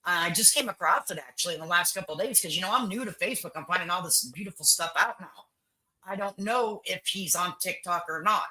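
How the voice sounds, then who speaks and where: Heard through a rough recording, an older livestream host with a fairly low, sharp voice talks briskly with her viewers. She's opinionated and blunt, circling back over the same points and cursing without restraint.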